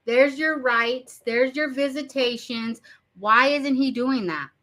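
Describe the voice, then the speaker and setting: A woman's voice: sits high, slow pace, sharp tone. A woman hosting a commentary channel, ranting bluntly in casual talk, swearing and mocking the people she quotes. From Arizona.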